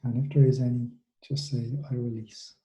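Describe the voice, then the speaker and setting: A man guides a relaxation meditation in a very dark, mellow voice that barely rises or falls. He gives soft instructions slowly, with long pauses between them, and the room sounds echoey. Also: mid-range voice, level tone. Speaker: mindfulness coach for students.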